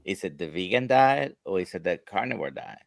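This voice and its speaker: Slow, gravelly-voiced man with a Spanish accent. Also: sits low, big pitch swings, no echo. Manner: slow, halting, with many fillers. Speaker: guest doctor. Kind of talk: live Q&A chat.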